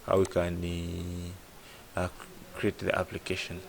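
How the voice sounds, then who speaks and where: A man's voice: sits low, completely flat delivery, a little slow, gravelly. A man tutoring app programming in a casual lesson, thinking aloud and asking "what?" before he answers himself. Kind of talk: casual screen-share coding lesson.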